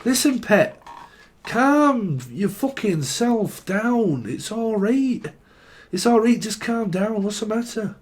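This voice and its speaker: A man putting on a loud, high-pitched Liverpool lad. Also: expressive, takes it slowly. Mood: soothing. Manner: loud, swearing, pleading. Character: rowdy Liverpool lad calming his mates.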